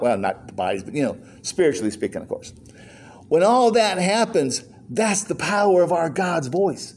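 High-voiced older man preaching emphatically. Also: a little mellow. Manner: emphatic, rhetorical questions with joking asides. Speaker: pastor. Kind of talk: sermon.

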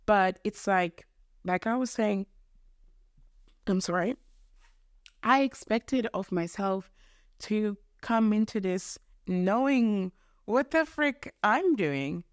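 A woman's voice: medium pitch, animated, slow, long pauses, no room sound, clean studio sound. Rambling young woman podcaster from Mozambique. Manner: rambling, self-deprecating, swears casually. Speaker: podcast host. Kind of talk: casual solo podcast rant. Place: her bedroom.

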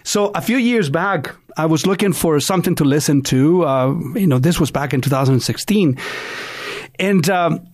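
A middle-aged man hosting an interview, talking with enthusiasm and plenty of halting restarts. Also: fairly high pitch, animated, no room sound, studio quality. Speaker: podcast host.

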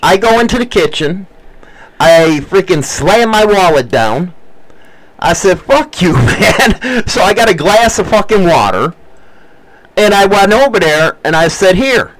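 A man hosting a casual talk show at home, telling crude, animated stories and swearing constantly. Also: sits high, unhurried, a crowd in the background, poor audio. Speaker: podcast host. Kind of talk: casual profane storytelling.

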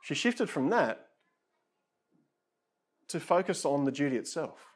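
A man's voice: on the high side, big pitch swings, measured pace. A man preaching a conversational sermon, casual and self-deprecating, with frequent asides to his listeners.

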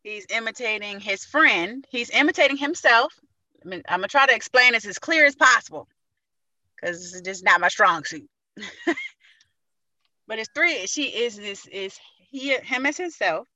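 A woman's voice: on the high side, animated, moderate pace, bright, forceful tone, dry recording. A woman co-hosting a casual podcast, retelling a funny video with lots of profanity and laughter. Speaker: podcast co-host. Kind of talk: casual chat, storytelling.

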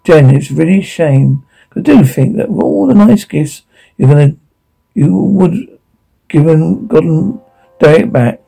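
A man playing a gravelly, mocking captor guard. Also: fairly high pitch, lively intonation, measured pace, mellow, faint music behind, full character voice, rough recording. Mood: leering. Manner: taunting, mocking, veers into rage. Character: menacing obsessive male security guard captor. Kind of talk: dark audio drama reading.

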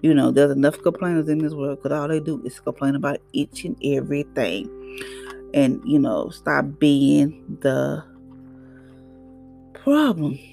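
Middle-aged woman podcaster preaching faith and hustle, gravelly edge, soft guitar behind her. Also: low voice, moderate pace. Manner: preachy, animated, emphatic. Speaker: podcast host. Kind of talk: faith-based motivational talk.

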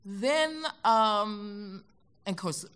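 An older American woman telling stories as a guest in an onstage conversation, animated and acting out the voices she quotes. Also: mid-range voice, very slow, smooth. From United States. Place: concert hall stage.

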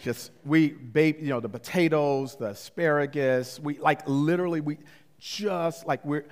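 A middle-aged man pastor telling a story in a sermon, animated and often climbing high when he retells conversations. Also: measured pace. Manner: animated, rising to excited high-pitched retellings. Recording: long hall reverb.

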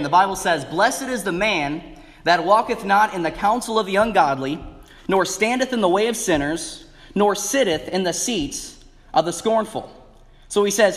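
High-voiced preacher in an echoey hall. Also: male voice. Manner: emphatic preaching, repeats phrases for emphasis. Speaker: pastor. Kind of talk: sermon. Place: church sanctuary.

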